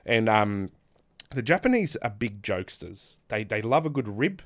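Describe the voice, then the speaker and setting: Animated man telling wrestling stories. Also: on the low side, moderate pace. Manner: animated, laughs often, acts out quotes. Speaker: guest pro wrestler. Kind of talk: casual podcast storytelling.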